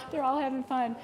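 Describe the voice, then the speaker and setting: Chatty woman giving an informal sermon. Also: a little high. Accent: American. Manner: chatty, laughs often, tells stories. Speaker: speaker at a spiritual center service. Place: church sanctuary.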